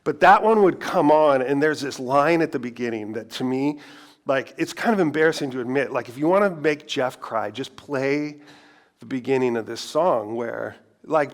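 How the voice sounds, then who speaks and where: A man's voice: medium pitch, animated, moderate pace. Conversational pastor man preaching a sermon. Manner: conversational, rhetorical questions, self-deprecating asides.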